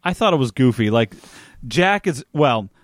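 A man's voice: mid-range voice, animated, normal speed, no echo, studio quality. A man co-hosting a podcast, speaking casually with wry, teasing remarks and hesitant fillers. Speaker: podcast co-host. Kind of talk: casual chat.

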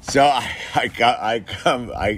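A man's voice: mid-range voice, unhurried, fairly bright tone, breathy edge. A man casually telling an anecdote, chatty, laughing often and full of filler words. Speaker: storyteller.

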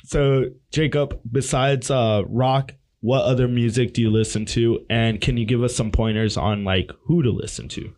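Relaxed male host, joking questions in an everyday middle voice. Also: mid-range voice, normal speed, few pauses. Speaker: podcast host. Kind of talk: casual podcast chat.

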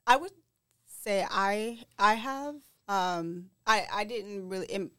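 A woman co-hosting a casual podcast chat, answering thoughtfully with measured, hesitant restarts. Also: mid-range voice, a bit bright, clear, resonant tone, no room sound, studio quality. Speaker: podcast co-host.

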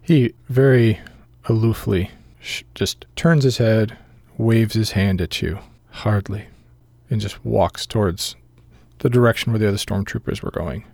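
A man narrating a tabletop game as its game master, in a low, gravelly voice. He talks in a measured way with frequent filler pauses. The sound is dry and close. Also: a little mellow, no echo.

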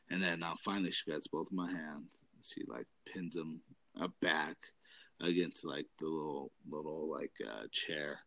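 A man's voice: very deep voice, steady tone, normal speed, vocal fry, bright, forceful tone, dry recording. A young adult man rambling through a profane story in casual chat, laughing often.

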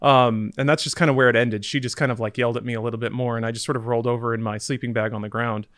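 A man at middle pitch rambles through a story on a podcast, full of fillers and self-deprecating asides. The sound is dry and close, with little room around it. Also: level tone, rapid-fire, a bit bright, clean tone, no room sound. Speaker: podcast co-host. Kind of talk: casual chat, storytelling.

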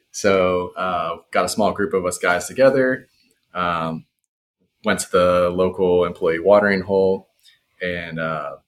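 Young man with a very low voice, laid-back storyteller with dry humor. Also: a bit bright, slight background noise. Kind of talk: casual storytelling.

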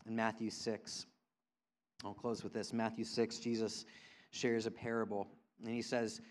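A man preaching a sermon as a pastor, earnest and repetitive for emphasis, moving between hushed tender lines and loud emphatic ones. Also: on the low side, flat delivery, a little slow. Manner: earnest, repeats phrases for emphasis.

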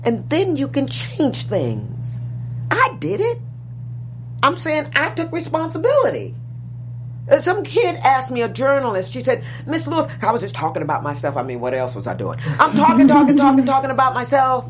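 A woman guest telling stories in conversation, profane and animated, dropping to low murmurs and rising to loud exclaims. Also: moderate pace, a little hiss or hum. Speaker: interview guest. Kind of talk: storytelling in conversation.

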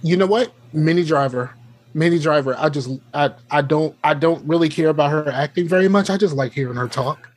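Husky dude on a podcast, casual, keeps restarting his sentences. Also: fairly high pitch, brisk. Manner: stammering restarts, repeats words. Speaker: podcast co-host. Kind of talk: casual chat.

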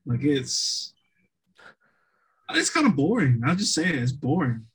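Blunt man with a husky voice. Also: fairly high pitch, sing-song, measured pace, fairly bright tone, poor audio. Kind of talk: casual chat.

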